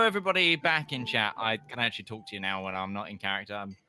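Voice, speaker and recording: A man's voice: on the low side, fast talker, few pauses, music in the background. A man chatting casually during a break in a live-streamed tabletop game, rambling and joking at his own expense while sorting his costume. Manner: rambling and self-mocking, talks to chat while changing costume.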